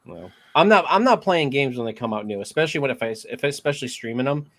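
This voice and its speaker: A man's voice: medium pitch, very animated, quick pace, a bit bright. Chill co-host guy, normal voice, lots of "like", easygoing chat. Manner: laid-back, casual with filler words. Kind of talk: casual chat.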